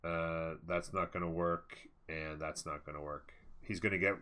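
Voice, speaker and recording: A man's voice: low-pitched, steady tone, normal speed, pushed and bright. A man casting a live strategy game match, talking casually and rambling with fillers as he thinks aloud. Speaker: esports caster.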